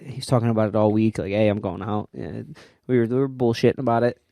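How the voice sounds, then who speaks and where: A man's voice: on the low side, steady tone, fast, vocal fry, dark tone, dry recording, studio quality. A young man co-hosting a podcast, telling a rambling story with lots of "like". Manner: rambling storyteller, heavy use of "like". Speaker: podcast co-host. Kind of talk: casual chat.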